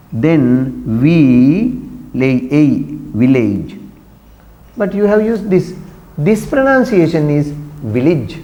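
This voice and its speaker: A man's voice: a little high, mellow, muffled recording. A man teaching pronunciation to a class, patiently repeating words and asking questions. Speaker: English teacher. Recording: long echoey room reverb.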